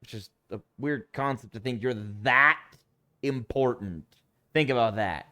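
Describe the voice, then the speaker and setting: A man streaming a city-building game, talking casually and mocking the characters and game mechanics in an animated, sarcastic way. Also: mid-range voice, measured pace. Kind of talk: casual let's-play commentary.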